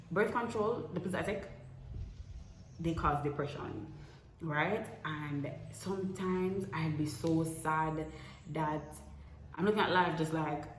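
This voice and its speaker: A young woman, candidly telling a personal story to camera and acting out past conversations. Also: low-pitched. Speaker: vlogger. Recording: echoey room with faint noise.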